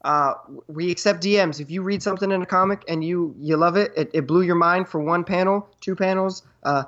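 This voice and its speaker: A man's voice: sits high, fairly quick, fairly bright tone. Rambling podcast guy with a dull lo-fi sound. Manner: rambling, repeats himself, jokey. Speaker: podcast co-host. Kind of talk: casual chat.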